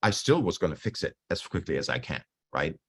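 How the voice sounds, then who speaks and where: A man coaching a group on stress in a relaxed, conversational way over a video call, often restarting his sentences and acting out his own inner dialogue. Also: very deep voice, brisk, husky. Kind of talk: online talk on stress.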